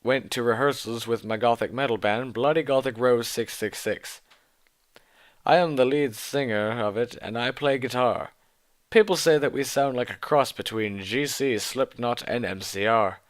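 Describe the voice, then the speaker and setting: Brief: man, mid-range voice, mock-earnest fan fiction reader with deadpan asides. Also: mid-range voice, normal speed. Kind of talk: dramatic reading of fan fiction.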